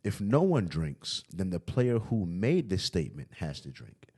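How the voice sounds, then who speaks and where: A man hosting a casual podcast and explaining a drinking game, relaxed, laughing often and often asking "you know what I mean". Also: deep voice, unhurried, slightly rough. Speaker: podcast host.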